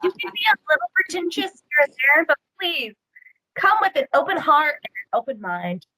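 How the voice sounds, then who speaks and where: Playful bright-voiced woman co-host. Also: high voice, very animated, normal speed, dry recording, poor audio. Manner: playful, teasing, laughs often. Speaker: podcast co-host. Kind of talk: casual chat.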